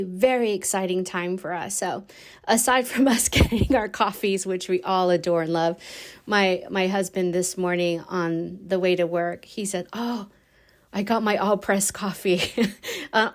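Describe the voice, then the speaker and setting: A woman hosting a casual podcast, chatty and rambling, with many fillers and restarts and easy laughs. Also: lowish voice. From United States. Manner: laughs easily. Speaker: podcast host. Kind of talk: casual solo podcast chat.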